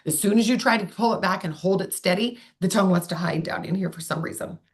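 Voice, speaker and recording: A woman speech therapist leads a live online workshop, speaking fast in a mid-range voice. She's chatty and digressive, demonstrating sounds aloud as she teaches.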